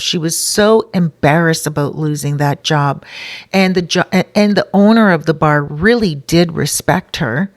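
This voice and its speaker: Woman, soul coach, low voice, dry close sound; chatty storyteller who quotes people. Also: dry recording. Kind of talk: casual storytelling.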